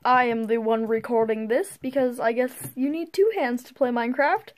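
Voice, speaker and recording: Teasing young woman, slightly high voice. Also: moderate pace. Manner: teasing, dry side comments. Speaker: co-host filming the video. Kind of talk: casual chat.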